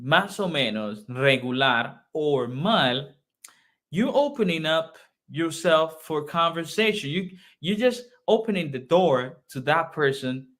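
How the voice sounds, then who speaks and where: Slow-talking Colombian man teaching Spanish. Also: fairly high pitch, fairly bright tone. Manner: patient, repeats phrases slowly, asks "okay?" often. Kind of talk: online language lesson.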